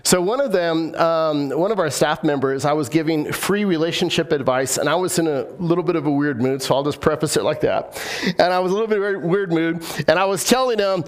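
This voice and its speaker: A man's voice: fairly high pitch, brisk. A man preaching a sermon as pastor, telling stories in a casual, joking way with many restarts.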